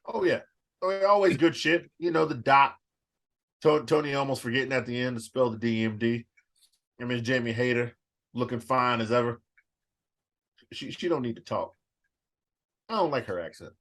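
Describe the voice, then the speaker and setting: A man co-hosting a comedic wrestling podcast, joking loudly and swearing freely. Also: mid-range voice, fairly even intonation, moderate pace, pauses often. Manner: loud, profane, joking. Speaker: podcast co-host. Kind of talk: casual comedy chat.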